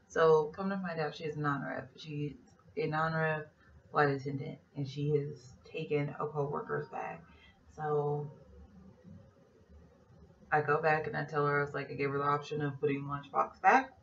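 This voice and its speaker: Gravelly woman telling a work story. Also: low-pitched, recorded from a distance, highs cut off, slight background noise. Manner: animated retelling that acts out quoted dialogue. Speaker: flight attendant. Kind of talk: casual storytelling vlog.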